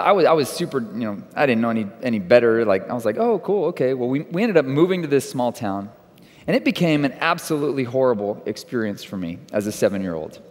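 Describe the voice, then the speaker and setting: Casting: man from Texas, pastor, relaxed chatty sermon, a bit high, big church reverb. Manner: casual, conversational storytelling with restarts. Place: church auditorium. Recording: long reverb of a church hall.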